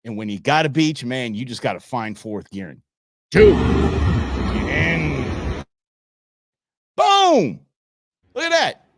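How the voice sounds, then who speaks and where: A man's voice: medium pitch, animated, unhurried, long pauses. A man hosting a show, casually commenting on clips and exclaiming and laughing at what he sees. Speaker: show host.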